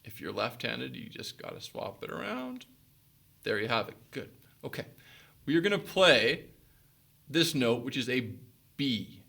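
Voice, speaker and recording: Bright-voiced man teaching a recorder lesson. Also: mid-range voice, very animated, unhurried, gravelly, pauses often. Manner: encouraging, instructional, praises often. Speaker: music teacher.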